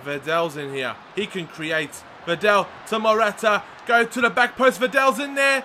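A young man commenting live on his football video game, chatty and excitable, shouting at the big moments. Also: high voice, moderate pace, hardly any pauses, slight background noise. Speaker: gaming video host.

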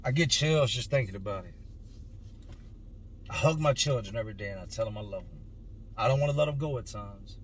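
A man's voice: fairly low pitch, expressive, a little fast, long pauses, slight background noise. A man in his thirties, a vlogger, telling his own story to camera in an earnest, emotional way, stretching words for emphasis.

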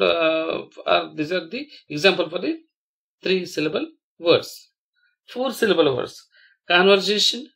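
A teacher narrating a slideshow lesson, saying each word twice and slowly drawing out its syllables, with frequent pauses and restarts. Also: medium pitch, fairly bright tone. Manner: halting, with frequent fillers and restarts. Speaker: English teacher.

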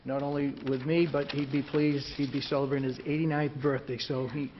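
A man with a cold-roughened, raspy voice leads formal proceedings in a council chamber. He speaks haltingly, with fillers and restarts. The recording sounds dull and carries a faint hiss. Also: mid-range voice, flat delivery. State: hoarse from a cold. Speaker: council president running the ceremony.

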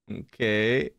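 A man's voice: fairly low pitch, gravelly, a bit bright, no room sound. A young man hosting a casual drawing livestream, laughing, swearing and chatting with his viewers. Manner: laughing, swearing, talking to chat. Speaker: livestream host. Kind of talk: casual live-stream chat while drawing.

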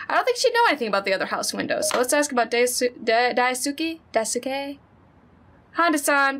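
A woman gamer with a fairly high voice, reading a horror game's story aloud. She breaks in with quick, jumpy reactions and chatty asides between the lines she reads. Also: fairly bright tone. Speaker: let's play gamer. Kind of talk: let's play commentary, reading game text aloud.

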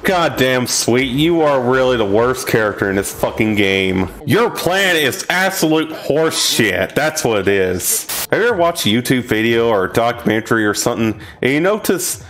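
A man giving profane, exasperated commentary over a video game, dropping from low grumbles to high shouts. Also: sing-song, moderate pace, hardly any pauses. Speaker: gameplay commentator.

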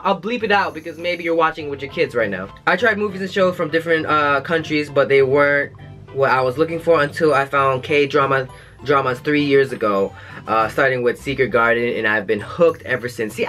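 A man's voice: fairly high pitch, big pitch swings, fairly quick, pushed and bright, soft background music. A YouTube host, a man, reading fan letters aloud and adding jokey asides between them.

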